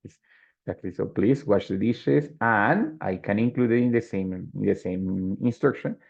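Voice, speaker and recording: Teaching English with a Colombian Spanish accent, this man has a fairly low, darkish voice with vocal fry and speaks at normal speed. He explains patiently, slips into Spanish at times, and the recording is dull and lo-fi.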